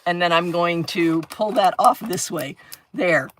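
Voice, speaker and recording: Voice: medium pitch, a little slow. Chatty, giggly middle-aged crafting host. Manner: chatty, giggly, exclaims often. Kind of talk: casual livestream chat while crafting.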